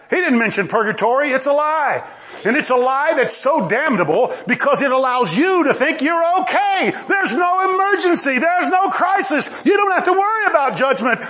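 A male preacher with a very high voice and a lively, swooping delivery. He preaches forcefully, climbing into shouts. Mocking asides break up the sermon.

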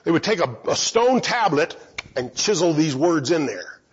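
Lively high-voiced male Bible teacher. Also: normal speed, husky, dull audio. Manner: asks rhetorical questions and answers them.

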